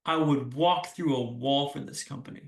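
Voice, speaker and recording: A man's voice: mid-range voice, moderate pace, gravelly. A young man giving an earnest motivational keynote talk, telling personal stories and often restarting his phrases. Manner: earnest storytelling with frequent restarts. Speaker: keynote speaker. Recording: roomy sound from a distance.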